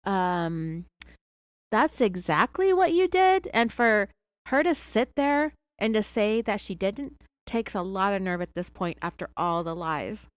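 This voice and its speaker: A woman's voice: mid-range voice, unhurried, clear, resonant tone, no room sound. A woman hosting a true crime podcast, giving scornful, sarcastic commentary. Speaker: podcast host.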